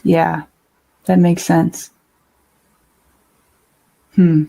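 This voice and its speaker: A woman hosting an interview who asks gentle questions and affirms her guest. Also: fairly low pitch, flat delivery, extremely slow, gravelly. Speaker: podcast host. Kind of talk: interview conversation.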